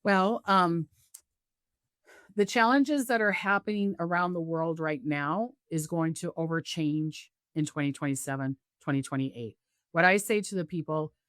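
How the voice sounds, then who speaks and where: A woman guest, a psychic medium, telling stories on a video call and acting out the voices of others with big jumps in pitch. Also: a bit bright, dry recording, studio quality. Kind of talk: animated storytelling interview.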